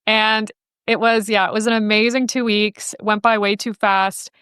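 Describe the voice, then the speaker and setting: Smooth, clear-voiced woman telling a story. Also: mid-range voice, flat delivery, moderate pace, fairly bright tone, no echo, studio quality. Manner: chatty and emotional, quotes people in playful voices. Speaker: podcast guest, animal welfare researcher. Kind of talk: casual interview storytelling.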